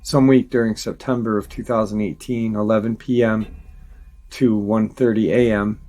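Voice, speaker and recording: A man hosting a story channel, reading a viewer's first-person encounter account in a calm, steady way. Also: fairly low pitch, normal speed.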